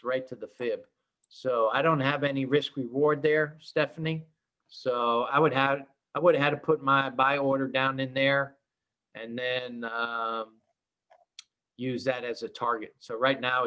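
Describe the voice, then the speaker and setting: A man with an everyday mid-pitched voice leads a live trading lesson. He talks loosely and warmly, with lots of fillers and self-corrections. He sounds like he's at his desk mic while sharing his screen. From schooled in Oklahoma. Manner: casual, rambling with many fillers. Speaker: trading instructor. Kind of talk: live trading room teaching.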